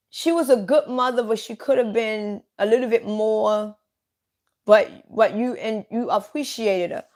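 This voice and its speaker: A woman giving a psychic reading straight to one listener, blunt and repetitive, with casual swearing. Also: mid-range voice. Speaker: psychic reader.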